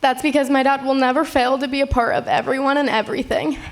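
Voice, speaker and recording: A young woman of eighteen reads a prepared eulogy in a high voice. Her delivery is tender and heartfelt, but steady, as she speaks to the people at a memorial gathering. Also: fast talker. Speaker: eulogy speaker, eldest daughter.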